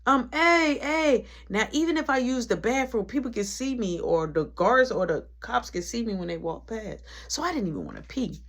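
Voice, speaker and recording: A young man telling a personal story in a casual storytime, animated and acting out each voice he quotes. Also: high-pitched, fairly quick, hardly any pauses. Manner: animated, acts out every quoted voice.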